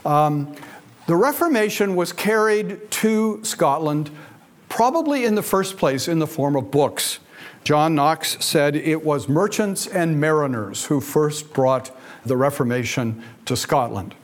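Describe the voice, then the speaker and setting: A man delivers a history lecture to a class in a relaxed, conversational tone. He drops in dry, joking asides as he goes. His voice sits a little high for a man. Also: measured pace. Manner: conversational, with wry humorous asides.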